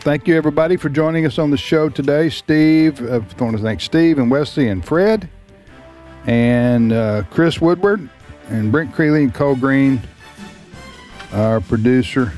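A man's voice: medium pitch, darkish tone. A male radio host chats casually in a studio in a mid-range voice, stumbling over and repeating words as he jokes with his co-hosts. Faint music sits under the talk. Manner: halting, repeats words, joking.

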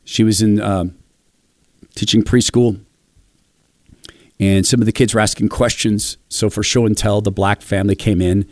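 A middle-aged man from Spokane in a reflective monologue, telling animated stories and acting out quoted voices. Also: lowish voice, normal speed, long pauses, no echo, studio quality. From Spokane, Washington, USA.

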